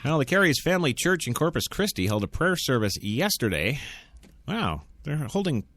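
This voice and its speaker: A man's voice: a little high, very animated, normal speed, fairly bright tone, no room sound. An American man hosting a radio news talk show, reading stories with sarcastic jokes and frequent laughter. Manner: sarcastic, laughs often between lines. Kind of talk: irreverent news reading with joking asides.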